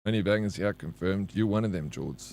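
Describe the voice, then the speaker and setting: A man's voice: deep voice, brisk, a little mellow. A man with a South African accent from Johannesburg, chatting casually on a live stream, reading chat and greeting viewers by name. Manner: laid-back, reads chat aloud and greets viewers by name. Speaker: game streamer.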